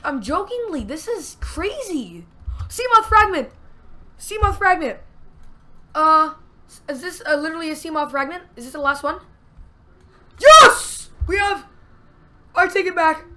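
A young woman narrates her gameplay in a high, bright voice, unhurried between bursts. She exclaims and gasps often as she explores, and she speaks straight to her viewers. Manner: excitable, exclaiming and gasping often. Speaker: gameplay video host. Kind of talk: gameplay commentary.

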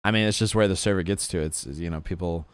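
Deep-voiced man, rambling casual chat. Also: fast talker, clean tone, no echo. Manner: rambling, filler-heavy, swears casually. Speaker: guest streamer. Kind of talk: casual chat about roleplay gaming.

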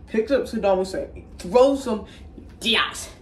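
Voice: medium pitch, lively intonation, moderate pace, distant mic. A rambling, foul-mouthed reviewer recaps a film off the cuff, doubling back on words as the thoughts come. The voice sits in a middling register. It bounces around an echoey room over faint ambient noise. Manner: rambling, crude and profane, with restarts. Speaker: movie reviewer. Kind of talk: casual movie recap. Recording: roomy echo, faint background ambience.

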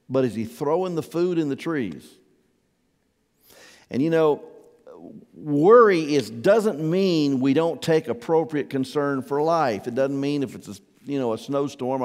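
A man's voice: fairly high pitch, darkish tone. Pastor guy preaching, chatty, asks the room questions, long echo off the hall. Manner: conversational, asks the congregation questions. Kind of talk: sermon. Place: church hall.

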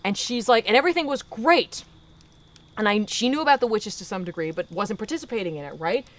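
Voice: mid-range voice, lively intonation, brisk, a bit bright. A podcast host gives a casual recap of a comic book. The host tells the story with animation and drops into the characters' lines along the way.

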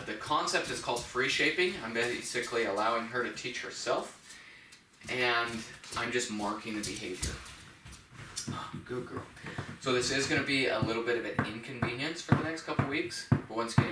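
A man who trains puppies, calmly explaining a training method step by step and softly praising the dog. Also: mid-range voice, slight background noise. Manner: calm, plain explaining, with soft praise to a puppy. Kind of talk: instructional demonstration. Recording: echoey room, mic at a distance.

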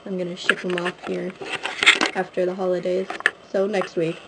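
A woman's voice: fairly low pitch, monotone, normal speed, very noisy. A young woman from Canada chatting casually to her camera at home, rambling with many fillers. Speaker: vlogger. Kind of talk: casual vlog chat to camera. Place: at home, indoors. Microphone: handheld camera, close.

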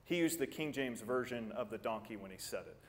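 In a church sanctuary with long reverb, a pastor preaches a sermon earnestly and with animation, speaking fairly quickly. He jumps up in pitch for emphasis and then drops quiet, often repeating words as he starts a thought.

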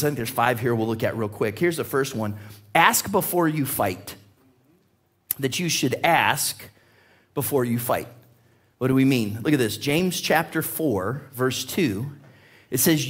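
A male pastor delivering a sermon in a church, his voice sitting somewhat high for a man. He is animated and conversational, laughing through his stories and repeating words as he builds toward a point. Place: church sanctuary.

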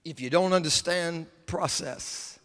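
A male preacher giving an emphatic sermon, with repetitions and dramatic pauses. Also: on the high side, fairly bright tone. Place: large conference hall. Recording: long hall reverb.

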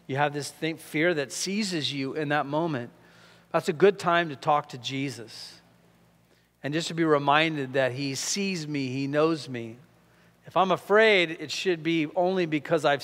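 A man's voice: on the high side, measured pace, a bit bright, big-room sound. A man giving a conversational verse-by-verse Bible teaching, full of rhetorical questions and fillers.

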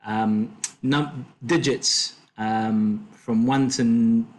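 A man tutoring a language lesson, explaining slowly and patiently with fillers and self-corrections. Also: mid-range voice, steady tone.

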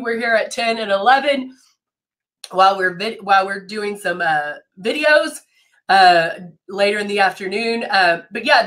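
Woman, head cold, nose stuffed up; clear bright tone, chatty live-stream makeup host. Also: mid-range voice. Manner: chatty, greets viewers by name, laughs often. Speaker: brand educator hosting a live makeup demo.

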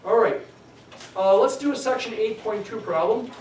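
Middle-aged male teacher, chatty and wry, slightly high voice, faint room noise. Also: normal speed, darkish tone. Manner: chatty, digressive, dry humor. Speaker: statistics lecturer. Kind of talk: classroom lecture. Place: lecture classroom. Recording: echoey classroom from a distance.

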